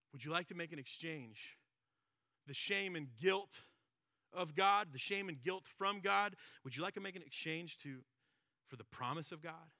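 Bright, conversational man preaching a sermon. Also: on the high side, no room sound, studio quality. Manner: conversational, repeats words and acts out quoted prayers; rhetorical questions with frequent "right?" and "like". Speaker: pastor.

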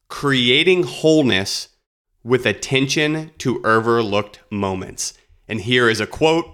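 A man hosting a calm podcast about breathing, sounding nasal from a lingering cold, reading quotes slowly and deliberately. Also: medium pitch, clear, resonant tone. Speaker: podcast host. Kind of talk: calm reflective podcast talk.

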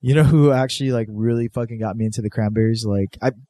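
Crude, animated podcast co-host, dry close mic. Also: male voice, medium pitch, fast talker, no room sound. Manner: crude, animated, puts on mocking voices in retold quotes. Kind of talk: casual podcast banter.

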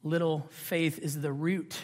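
A man's voice: on the high side, steady tone, slow. Man preaching in a reverberant hall. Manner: preaching with rhetorical questions and swells of intensity. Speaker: pastor. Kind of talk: sermon.

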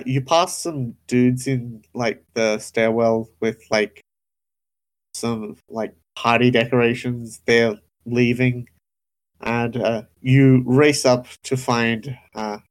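Slow-talking male game master. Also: mid-range voice, fairly even intonation. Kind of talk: narrating a tabletop game.

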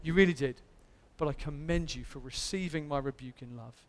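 A man's voice: on the high side, a little fast, long reverb tail. An Englishman preaching a sermon in a church, earnest and emphatic, building to exclamations. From England. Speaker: pastor. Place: church hall.

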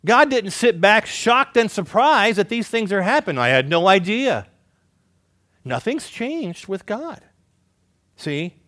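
A man preaching a conversational sermon, asking the listeners rhetorical questions and swinging between emphatic rises and quiet, low asides. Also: sing-song, measured pace, no echo, clean studio sound. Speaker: pastor.

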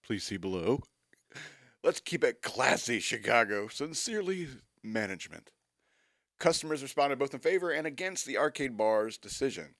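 A man's voice: medium pitch, very animated, normal speed, fairly bright tone, no room sound, clean studio sound. A man hosting a radio show, reading news items aloud and adding wry, joking asides in casual banter.

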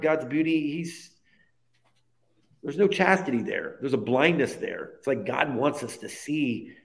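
A man speaking as a guest in a podcast interview, telling a personal faith story in an earnest, heartfelt way that stacks phrases one onto the next. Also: medium pitch.

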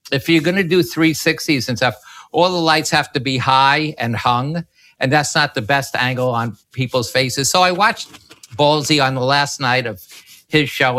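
Bright-voiced man telling film-set stories. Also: medium pitch. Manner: rambling, with many restarts and self-corrections. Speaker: filmmaker guest. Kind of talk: anecdotal podcast storytelling.

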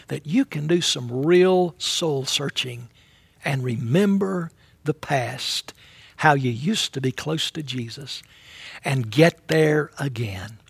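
A man hosting a daily devotional, preaching and retelling scripture stories with emphasis and quick bursts of speech. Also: a little high, gravelly, slightly rough, no echo. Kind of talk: devotional sermon.

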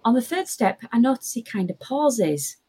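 A young woman telling a spooky personal story in casual chat, lively and quoting others. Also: fairly high pitch, moderate pace, breathy edge. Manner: animated, quotes others in voices.

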